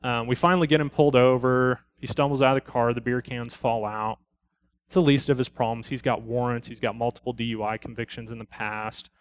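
A middle-aged male police officer shares a testimony at a church study, narrating his calls in a plain, conversational way. He quotes the people he met and lands on blunt, preachy conclusions, in a voice of ordinary middle pitch. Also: steady tone, brisk, clean tone. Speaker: lay speaker at a church study. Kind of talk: personal testimony in a church talk.

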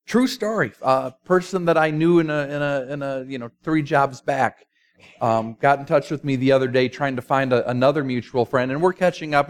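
A man preaching a sermon, telling a story with emphasis and dropping to a quiet voice at times. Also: medium pitch.

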